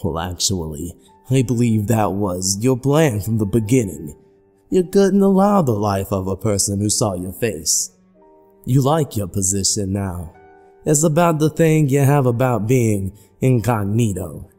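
A blunt, impatient police captain barks his questions, as a man voices him. The tone is low and dark, demanding and pushy, a gruff figure from a spoken horror tale. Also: expressive, measured pace, faint music behind. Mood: pressing. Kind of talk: horror story narration voice acting.

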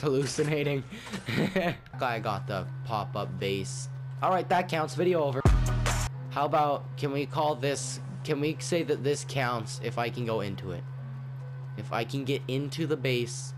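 Profane, rambling young gaming commentator man. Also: medium pitch. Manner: profane, rambling, jumpy outbursts. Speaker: gaming YouTuber. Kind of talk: gameplay commentary.

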